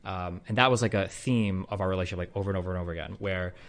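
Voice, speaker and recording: A man's voice: deep voice, steady tone, rapid-fire. A man in his thirties talking casually to a stream audience, rambling with lots of fillers and blunt, profane asides. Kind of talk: casual monologue to a livestream audience.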